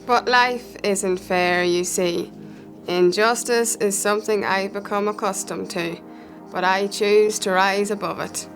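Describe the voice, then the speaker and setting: A woman playing a smug young woman who calmly lectures about tolerance and peace. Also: mid-range voice, soft background music, lightly acted, poor audio. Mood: serene. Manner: calm, preachy, measured.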